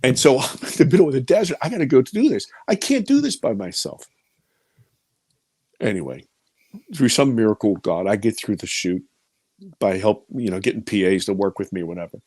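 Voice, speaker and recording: A middle-aged man, a film producer, telling a personal story in an interview, animated and emotional, swinging between loud and hushed. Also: on the low side, a little fast, slightly rough, no echo.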